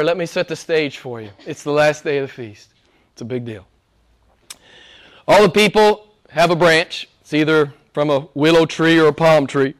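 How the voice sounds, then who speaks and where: A man preaching a sermon as pastor, moving between hushed, almost whispered lines and loud, emphatic passages. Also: fairly high pitch, normal speed.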